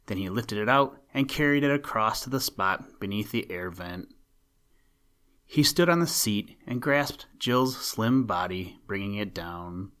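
A man narrating a storybook in a measured, even reading voice. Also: fairly low pitch, clean tone.

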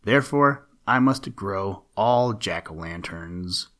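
A man's voice: lowish voice, lively intonation, slow, fairly bright tone. A man voicing a proud, dutiful mother pumpkin vine in a storybook reading, speaking firmly.

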